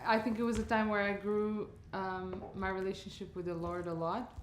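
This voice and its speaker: A woman's voice: medium pitch, normal speed, slight background noise. A woman from Portugal, a guest singer, chatting casually and reflectively while cooking, laughing easily. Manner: relaxed, reflective, laughs often. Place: home kitchen. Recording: echoey kitchen, faint sizzling.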